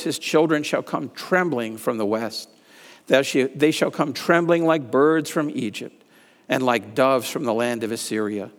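A man preaching a sermon, reading scripture aloud with rising emphasis on the pleading lines. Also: mid-range voice. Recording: reverberant hall.

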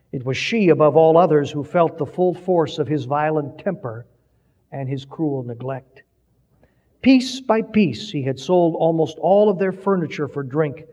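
A man's voice: a little high, a little mellow. A man preaching, telling a story with swelling, dramatic delivery. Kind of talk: sermon storytelling. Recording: dull recording with long hall reverb.

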